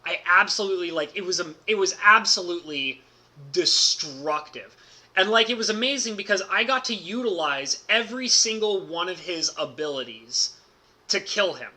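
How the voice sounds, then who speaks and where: Bright-voiced excitable man telling a story. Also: high-pitched, normal speed. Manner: excitable, heavy use of "like" fillers, laughs mid-story. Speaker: streamer. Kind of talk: casual storytelling about a card game.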